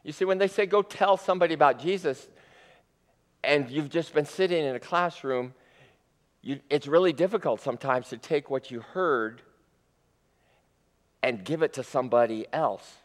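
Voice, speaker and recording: Animated male preacher in a reverberant hall. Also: fairly high pitch, normal speed, pauses often. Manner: animated storytelling, acts out quotes with rising emphasis. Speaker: pastor. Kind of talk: sermon.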